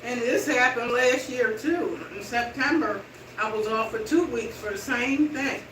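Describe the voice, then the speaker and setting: Middle-aged woman, casual vlog chat, walking slowly, distant from mic, noisy room. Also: a little high, reverberant. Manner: chatty, slow walking while talking. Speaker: vlogger. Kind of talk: casual chat to viewers while exercising. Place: indoor room with hardwood floor.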